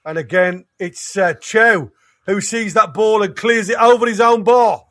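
A man giving excited, partisan live match commentary, his voice going hoarse. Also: high voice, dry recording, clean studio sound. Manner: excitable, rapid, restarts sentences. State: losing his voice. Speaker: fan commentator.

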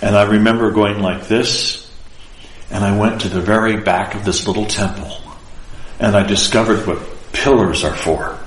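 A man who is an Orthodox priest, telling a personal spiritual story in an earnest, deliberate, emotional way. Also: lowish voice, fairly even intonation, a little hiss or hum. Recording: roomy echo.

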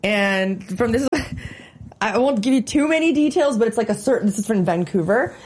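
A woman's voice: a little high, expressive, normal speed, darkish tone, slight background noise. A woman co-hosting a podcast, telling a story in casual chat and laughing often.

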